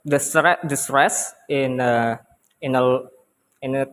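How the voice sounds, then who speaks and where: Slow, hesitant young Indonesian man presenting. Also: mid-range voice, fairly even intonation, fairly bright tone, long reverb tail. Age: young adult. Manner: hesitant, often repeats himself. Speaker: student presenter. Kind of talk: classroom presentation.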